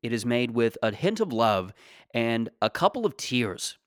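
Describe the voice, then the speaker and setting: A man's voice: mid-range voice, big pitch swings, measured pace, no room sound, studio quality. A man in his late twenties hosting a solo podcast, talking casually in a rambling, joking, self-deprecating way. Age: 20s. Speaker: podcast host.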